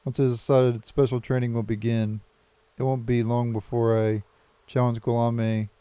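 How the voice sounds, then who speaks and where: A man's voice: medium pitch, little pitch movement, normal speed, mellow, smooth, dry recording, natural voice. A man reading aloud the lines of a confident, self-assured big-sister warrior woman from a game. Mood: boastful.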